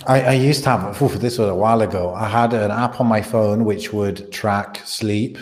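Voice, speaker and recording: A man's voice: on the low side, steady tone, normal speed, a little hiss or hum. A man co-hosting a podcast, talking in a laid-back, casual way. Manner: laid-back, listens with short "mm" and "yeah". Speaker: podcast co-host. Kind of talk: casual chat.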